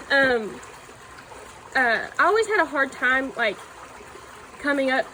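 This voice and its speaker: Woman, fairly high voice, earnest, halting, personal testimony, faint trickle of water behind. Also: a bit bright, a little hiss or hum, poor audio. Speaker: church youth member giving testimony.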